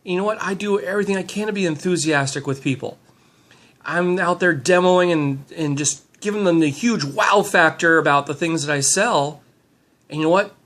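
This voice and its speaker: A man's voice: on the high side, normal speed, a bit bright. A middle-aged man filming himself on a handheld camera, giving an upbeat, rambling motivational talk with many fillers. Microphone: handheld camera mic.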